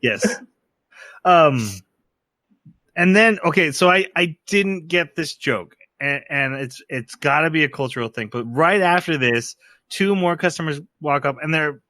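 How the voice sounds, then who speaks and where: A man co-hosting a podcast in casual chat, with a bright, forceful voice pitched a little high. He retells scenes in an animated way. The recording is dry and close. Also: measured pace, no echo. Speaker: podcast co-host.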